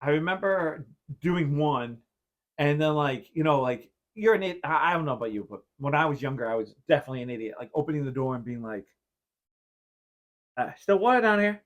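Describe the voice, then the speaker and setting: A fast-talking man with a mid-range voice hosts a casual podcast chat. He tells a long, meandering story, says "like" constantly, and acts out his earlier reactions.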